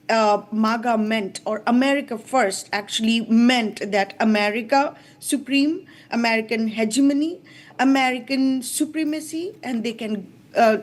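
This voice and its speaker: A woman speaking as a panelist in a live TV news debate, impassioned and emphatic, hammering her points with repetition. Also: fairly high pitch.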